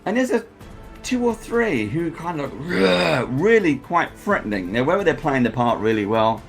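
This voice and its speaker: A man's voice: on the high side, big pitch swings, normal speed, faint music behind. A man narrating as game master, acting out crowd noises and sound effects.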